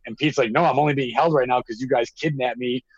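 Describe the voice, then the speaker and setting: A man spins a long, rambling story in casual conversation and swears without a second thought. His voice sits at an ordinary pitch. The sound is close and dry, with slightly dull highs. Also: fast talker, breathy edge, no room sound. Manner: rambling, animated, swears freely. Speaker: guest telling a story.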